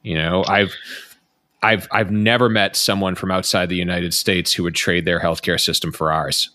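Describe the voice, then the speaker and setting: A man's voice: sits low, flat delivery, moderate pace, pushed and bright, dry recording. A man hosting a political podcast, talking earnestly and often repeating words as he thinks aloud. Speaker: podcast host. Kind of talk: podcast interview and ad read.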